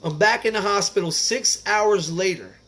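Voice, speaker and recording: A man's voice: sits high, moderate pace, pushed and bright. A man reading a recovery text aloud and breaking off into earnest personal commentary, talking casually and dropping in "man" and "like". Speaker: recovery speaker reading the Big Book.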